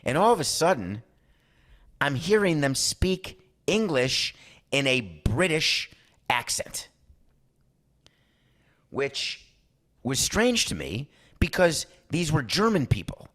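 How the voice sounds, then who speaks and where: A man's voice: a little high, takes it slowly, long pauses. A man hosting a sports talk podcast, giving opinionated monologues and acting out quoted voices. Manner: animated, acts out quoted voices. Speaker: podcast host.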